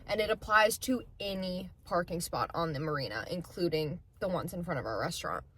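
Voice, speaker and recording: Lively, playful young woman. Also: on the low side, brisk, slightly rough. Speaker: podcast co-host. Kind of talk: casual chat.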